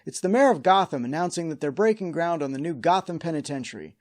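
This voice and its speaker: Guy recapping a cartoon, wry sarcastic asides, voice on the high side. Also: expressive, quick pace. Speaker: host. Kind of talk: scripted episode recap.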